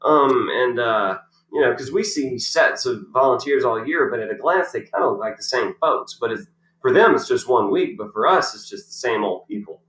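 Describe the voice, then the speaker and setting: Rambling golfer telling stories, roomy sound. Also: male voice, mid-range voice, expressive, moderate pace, a bit bright. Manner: rambling anecdotes with many fillers and restarts. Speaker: professional golfer guest. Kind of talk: casual podcast storytelling. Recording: roomy echo.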